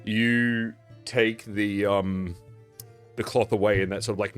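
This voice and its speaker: A man's voice: lowish voice, steady tone, slow pace, clear, resonant tone, soft background music. A man running a tabletop game as game master, narrating loosely with many fillers.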